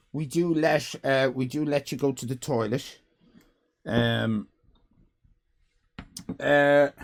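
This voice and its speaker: Rambling man, gravelly voice. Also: medium pitch. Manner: rambling, swearing, self-interrupting. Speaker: livestream host. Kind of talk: casual live-stream chat. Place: home room with cats.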